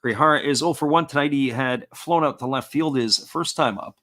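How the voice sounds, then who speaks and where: A man giving live baseball play-by-play commentary, folksy and steady, reading out chat messages between pitches. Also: brisk.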